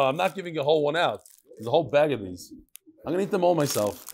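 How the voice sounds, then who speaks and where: A man with a somewhat high voice leads a daily Talmud class in front of a live group. He jokes and teases with the people in the room between points of the lesson. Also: expressive, fast talker, heavy background noise. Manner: joking, teasing back and forth with a live class.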